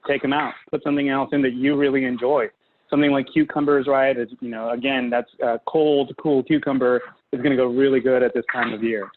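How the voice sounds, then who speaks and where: A man's voice: medium pitch, fairly even intonation, a little fast. Guest chef, man, from California, casual and filler-heavy; thin phone-like audio. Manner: chatty, filler-heavy, enthusiastic. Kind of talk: casual video-call chat. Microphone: video call. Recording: tinny video-call audio, faint hiss.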